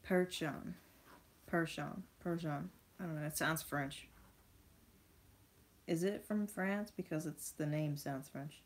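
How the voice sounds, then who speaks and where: A woman's voice: deep voice, measured pace, long pauses. A young woman chatting casually as she unboxes toy horses, rambling and reading bits of text aloud. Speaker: vlogger.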